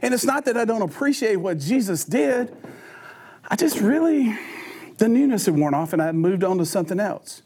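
Brief: male preacher, sermon with homespun stories, high-pitched voice. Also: expressive, moderate pace, a little mellow, slightly rough. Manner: folksy storytelling, conversational.

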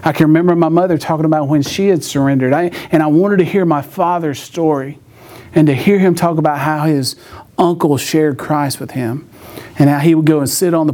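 A man's voice: fairly high pitch, steady tone, brisk, dark tone. A middle-aged man preaching a sermon to young people, telling stories with self-mocking jokes and acting out the voices of the people in them. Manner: storytelling with jokes, acts out voices. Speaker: youth pastor.

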